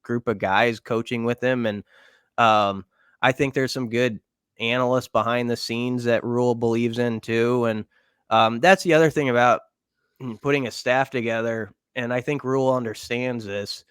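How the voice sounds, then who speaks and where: A man's voice: mid-range voice, steady tone, normal speed, fairly bright tone, smooth, no echo, clean studio sound. A man co-hosting a sports podcast, giving casual analysis while thinking aloud with lots of fillers. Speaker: podcast co-host.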